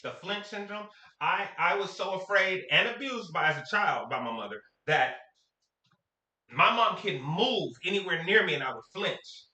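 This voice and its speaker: Animated high-voiced storytelling man. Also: normal speed. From Sacramento, California. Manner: animated, slangy, acts out quotes. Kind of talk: casual storytelling to camera. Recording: echoey room.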